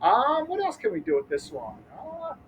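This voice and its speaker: A young man with a high voice coaches children through a catching game outdoors at a school. He is upbeat and counts each catch aloud. Faint background noise sits under his voice. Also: huge pitch swings, normal speed, fairly bright tone, low-quality recording. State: out of breath. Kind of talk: teaching a backyard ball game to kids.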